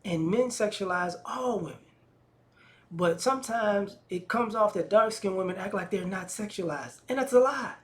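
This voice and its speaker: A man speaking gives a loose, slangy opinion monologue in a notably high voice. He talks in a lively, animated way and slips into acted-out voices of the people he describes. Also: moderate pace. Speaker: commentator.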